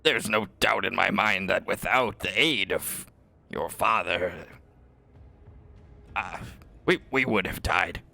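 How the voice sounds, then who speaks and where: A man playing a tabletop game, speaking hesitantly with many halting starts. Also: low-pitched, vocal fry, sharp tone, dry recording. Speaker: player. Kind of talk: casual tabletop play.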